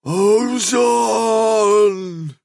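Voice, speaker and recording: A man voicing an unearthly rabbit whose squealing cry wails out names from the dark. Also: high voice, extremely slow, gravelly, no echo, studio quality, pitched above the performer's own voice, full character voice. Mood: desolate wailing. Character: wailing ghostly rabbit crying out names.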